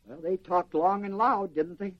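A man preaching a sermon in an animated way, quizzing the congregation with questions. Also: sits high, moderate pace. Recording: dull lo-fi sermon recording.

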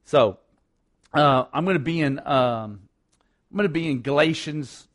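A man's voice: a little high, unhurried, a bit bright. A male pastor preaching a sermon, emphatic and repetitive, with rhetorical asides to the congregation.

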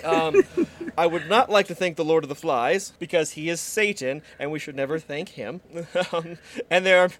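Man, comedy podcast co-host, high-ish voice, casual joking banter. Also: moderate pace, a bit bright, a little hiss or hum, rough recording. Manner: joking, mock-formal bits.

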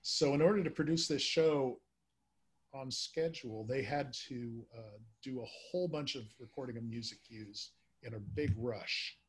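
A man hosting a podcast in a casual chat, speaking haltingly with many filler words. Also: mid-range voice, slight background noise. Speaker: podcast host. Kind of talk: casual chat about old-time radio.

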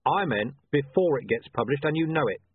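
A man voicing a blunt, irritable middle-aged watch commander who talks in a sharp, demanding way. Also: on the high side, expressive, brisk, breathy edge, pitched above the performer's own voice. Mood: curt. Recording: tinny, dry, phone-like sound.

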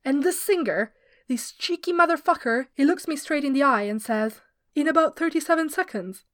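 A loud, grumbling male club owner, as a woman reader puts him on, forever exasperated and fed up. His complaints come out raised and emphatic, in a dry, close-miked storybook reading. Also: high-pitched, expressive, normal speed, no room sound, voice pushed up. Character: grumpy put-upon male club owner.

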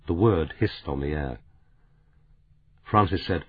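A man narrating an audiobook in a measured, even way. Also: low-pitched, breathy edge, no room sound. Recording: narrow phone-like audiobook sound.

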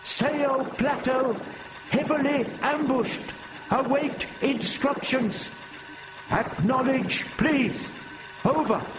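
A man voicing an old insect-like male alien elder in a high-pitched treble, with background music. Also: takes it slowly, rough recording. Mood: alarmed shouting.

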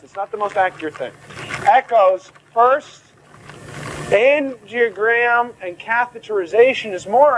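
Animated high-voiced man lecturing. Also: a little hiss or hum, rough recording. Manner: animated, theatrical, mimics confused students. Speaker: medical lecturer. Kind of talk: classroom lecture.

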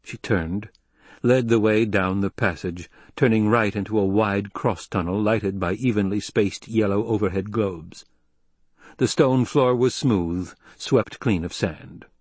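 A man reading a novel aloud as an audiobook narrator, in an even, measured way. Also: on the low side, dry recording. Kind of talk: scripted narration.

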